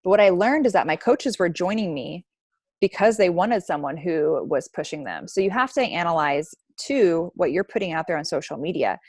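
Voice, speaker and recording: A woman's voice: fairly low pitch, lively intonation, moderate pace, no echo. Chatty woman coaching her team, dry sound. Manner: casual and chatty, uses "like" and "right?" a lot. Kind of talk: motivational team call.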